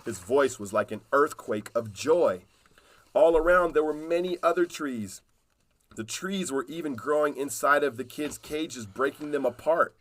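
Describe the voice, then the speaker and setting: A man reading a children's storybook aloud in a calm, unhurried way. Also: a little high.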